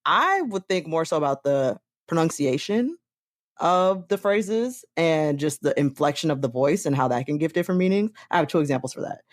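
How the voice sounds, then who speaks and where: A woman's voice: deep voice, normal speed, no echo, clean studio sound. A woman hosting a podcast, chatting casually and laughing often as she tells stories. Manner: animated, laughs often while telling stories. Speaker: podcast host. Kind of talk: casual chat.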